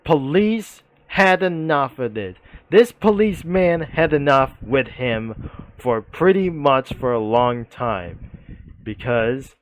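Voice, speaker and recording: A man's voice: mid-range voice, animated, slow, muffled recording. A man narrating a comic story in a rambling, repetitive way.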